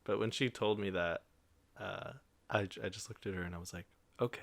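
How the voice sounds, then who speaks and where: Here a young podcast co-host with a gravelly, fairly low voice speaks a little fast on a dry recording. His casual story retelling is animated, full of acted-out quoted voices and mild curses.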